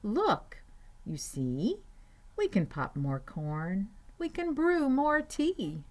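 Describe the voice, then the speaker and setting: A woman voicing a tiny mouse who soothes an upset friend, in a bright, soothing way. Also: mid-range voice, wildly swooping pitch, drawn-out words, voice pushed up, heavily acted. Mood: reassuring. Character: tiny squeaky reassuring mouse.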